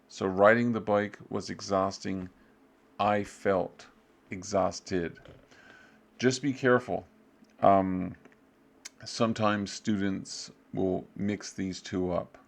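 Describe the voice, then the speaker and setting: A man teaching English, going over a review unit in a loose, offhand way and acting out short student replies. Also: creaky. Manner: loose and offhand, fills gaps with "blah, blah"; acts out short student replies with jumps in pitch. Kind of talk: casual review lesson.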